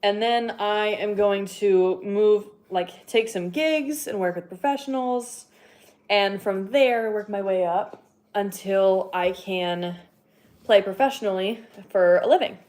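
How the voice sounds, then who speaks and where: A woman's voice: mid-range voice, slow, a little mellow. A young woman chatting casually on a livestream while cleaning her horn, rambling with lots of fillers and laughing now and then, a little out of breath. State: slightly out of breath.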